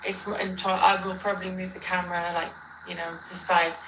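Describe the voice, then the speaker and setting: A woman's voice: fairly low pitch, level tone, brisk, noisy background. A woman ranting in a reaction video, rambling, combative and correcting herself as she goes, played back during a livestream. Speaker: livestreamer in a dispute.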